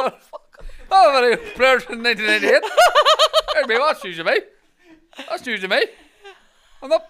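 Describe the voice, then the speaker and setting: Comic bit: a man playing an excitable bloke, pitched up high, shouty and hammy, flustered over video tapes. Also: full character voice. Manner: shouty, hammy, repeating "here, mate".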